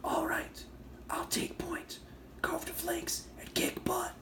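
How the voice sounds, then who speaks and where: A man putting on a high, breathy whisper to voice comic-book heroes bantering in battle, a mocking whispered role-play. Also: slow pace, distant mic, natural voice. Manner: mocking read of comic dialogue. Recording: roomy echo, faint ambience.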